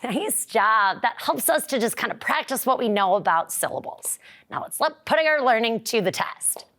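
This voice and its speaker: A woman teacher leading a children's lesson, singing and cheering in a bright, encouraging, sing-song voice. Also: a little high, expressive, normal speed.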